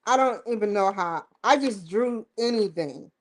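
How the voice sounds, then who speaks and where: A woman's voice: medium pitch, expressive, moderate pace. A woman hosting her own livestream show, rambling and joking between topics, often breaking into laughter. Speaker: host. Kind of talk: casual livestream chat.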